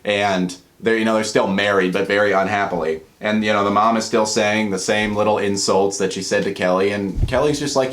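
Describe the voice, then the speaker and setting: Earnest, rambling low-voiced man. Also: fairly even intonation, a little fast, few pauses. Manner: earnest, rambling, drops soft and quiet when emotional. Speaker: YouTuber. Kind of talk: casual commentary vlog.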